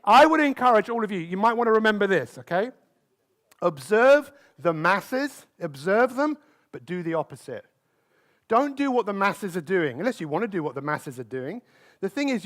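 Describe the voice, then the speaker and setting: A man giving a motivational talk on a conference stage, lively and constantly asking the audience questions. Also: high-pitched. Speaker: motivational speaker.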